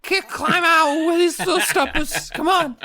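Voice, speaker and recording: A man putting on the voice of a pleading little male lawn gnome in a squeaky, whiny tone. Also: fairly even intonation, a little slow, bright, forceful tone, full character voice. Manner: whiny, wheedling, high squeak.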